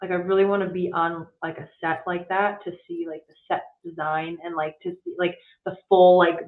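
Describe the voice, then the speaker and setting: A woman's voice: lowish voice, little pitch movement, moderate pace. A woman who is a guest musician, chatting casually and hesitantly with many fillers. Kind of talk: casual chat. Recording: tinny phone-like line in a roomy space.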